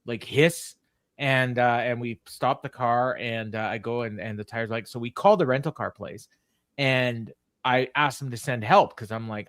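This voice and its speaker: With a mid-range, fairly bright voice and moderate pace, this middle-aged co-host spins long stories for a laid-back podcast, stumbling through plenty of ums and restarts. The recording is studio quality with no room sound.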